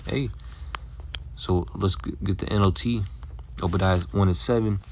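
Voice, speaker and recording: A low, steady, darkish voice belongs to a Bible teacher giving a casual, blunt lesson over slight background noise. He swears freely, plugs pauses with "all right" and "man," and reads scripture with slow deliberation.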